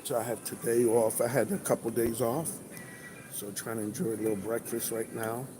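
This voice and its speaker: A man's voice: mid-range voice, fairly even intonation, normal speed, music in the background. A man, a truck driver, chatting casually on a livestream, reading viewers' comments aloud over breakfast. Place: truck stop restaurant. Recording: noisy restaurant ambience.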